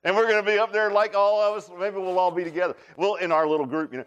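A male pastor preaching a sermon in a church, folksy and animated, dropping into low asides and rising to high shouts while talking straight to the congregation. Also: very fast, hardly any pauses, smooth.

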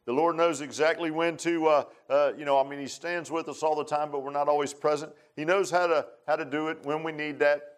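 Casting note: middle-aged male preacher, somewhat high voice, folksy and rambling, informal sermon. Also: steady tone, a little fast, hardly any pauses, smooth. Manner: folksy, rambling, repeats phrases and says "man" often.

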